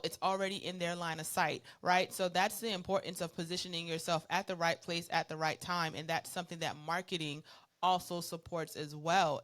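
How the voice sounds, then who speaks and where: A woman's voice: on the low side, fairly bright tone. A woman co-hosting a business talk, explaining branding in a passionate, conversational way with frequent fillers. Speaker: co-host. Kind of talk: business advice discussion.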